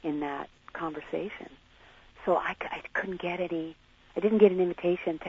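A woman being interviewed on the radio, talking in a halting, searching way and questioning herself as she reflects. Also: sits low, fairly even intonation, vocal fry, dull audio, a little hiss or hum. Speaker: interview guest.

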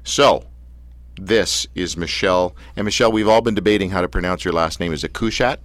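A man hosting a radio interview, joking and self-deprecating, with halting fillers. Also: low voice, no echo. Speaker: radio show host.

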